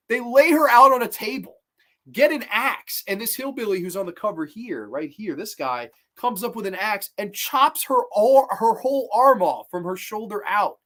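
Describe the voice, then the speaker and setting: A man giving a casual review of old horror films, excitable and swearing freely. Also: very high-pitched, moderate pace.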